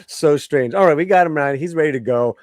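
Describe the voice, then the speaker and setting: A man's voice: a little high, a little mellow. A man hosting a live-streamed talk show, chatty, laughing easily and repeating his phrases. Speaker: host.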